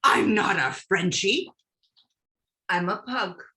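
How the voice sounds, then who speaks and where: A woman voicing a chatty, touchy pug dog in a staged play reading, quick to take offense and eager to help. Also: medium pitch, lively intonation, pushed and bright. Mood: indignant.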